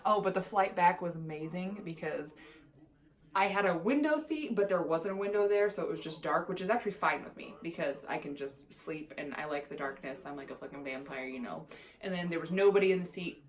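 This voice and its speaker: Low-voiced young woman telling a story. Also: expressive, a little fast. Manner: profane, candid and exasperated storytelling. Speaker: vlogger. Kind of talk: casual storytime vlog.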